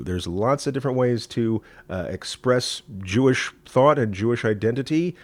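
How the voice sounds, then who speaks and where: A rabbi from East Texas with a Southern accent, hosting a live-streamed teaching talk in a folksy, rambling way with many fillers. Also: male voice, medium pitch, expressive, measured pace, few pauses, no room sound. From East Texas, USA. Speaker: rabbi and show host.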